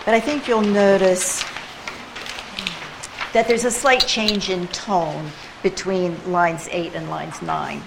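A woman leading a poetry workshop, chatting casually with quick asides while recorded in a classroom. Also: lowish voice, fairly even intonation, gravelly. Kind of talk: casual teaching talk. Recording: room ambience and background noise.

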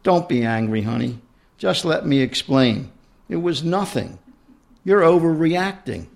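A man reading a sniveling male president, pleading, gravelly tone. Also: fairly high pitch, big pitch swings, unhurried, pitched above the performer's own voice, full character voice.

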